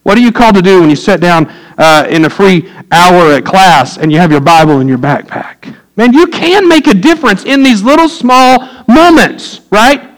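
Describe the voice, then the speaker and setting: A middle-aged man delivers a sermon to his congregation. His voice sits high for a man. He talks in a folksy, conversational way and drops in self-deprecating jokes. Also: sing-song, normal speed, few pauses, low-quality recording. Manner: folksy, joking asides. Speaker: pastor.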